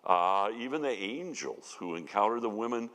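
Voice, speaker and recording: A man's voice: on the low side, animated, normal speed, fairly bright tone. A man giving a conversational sermon as a Bible teacher, telling the story with folksy asides. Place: church sanctuary. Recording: long reverb of a church hall.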